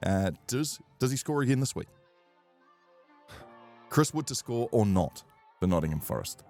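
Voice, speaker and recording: A man's voice: medium pitch, moderate pace, faint music behind. A man with a New Zealand accent hosting a casual sports podcast and putting the questions to his co-hosts. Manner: lively, asks the questions. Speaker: podcast host.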